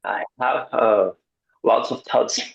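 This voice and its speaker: A man coach in casual roundtable chat, animated and joking, with hesitant restarts and the odd swear. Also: mid-range voice, slow, gravelly, lo-fi sound.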